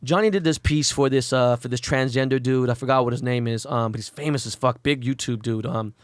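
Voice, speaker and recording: A middle-aged man telling unfiltered stories as an interview guest, profane and animated, and he acts out quotes in a raised voice. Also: mid-range voice, brisk, no room sound. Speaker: guest, celebrity jeweler.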